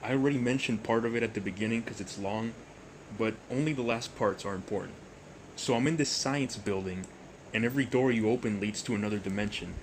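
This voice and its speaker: A young man hosting a storytime vlog, rambling and jokey, with deadpan asides. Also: lowish voice, a little hiss or hum. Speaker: YouTuber storyteller.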